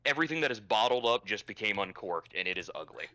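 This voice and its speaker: A man playing a tabletop role-playing game, describing his character in a wry way. His voice is low but bright and forceful. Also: expressive, fast talker, a little hiss or hum. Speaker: player. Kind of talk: casual tabletop play.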